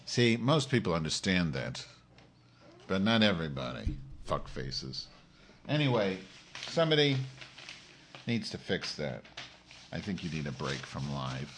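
A man's voice: deep voice, a bit bright, a little hiss or hum. A man hosting a live stream, ranting at his viewers in a profane, sarcastic and combative way.

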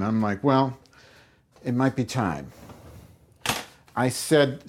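A podcast host with a mid-range voice speaks slowly, leaving long pauses. He rambles through crude comic stories on his own show, voicing both sides of each exchange and raising his voice when he acts out quotes.

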